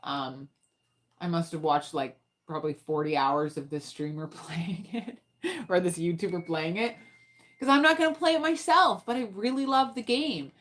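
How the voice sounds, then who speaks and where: A woman streamer in casual chat while she plays a game. She rambles, swears freely and mutters to herself. Her voice sits a little low for a woman. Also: normal speed, fairly bright tone. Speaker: gaming streamer.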